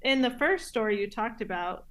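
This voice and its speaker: A woman's voice: a little high, lively intonation, normal speed, fairly bright tone. A woman hosting a podcast interview, speaking in a supportive, reassuring, affirming way. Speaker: podcast host. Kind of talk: conversational interview.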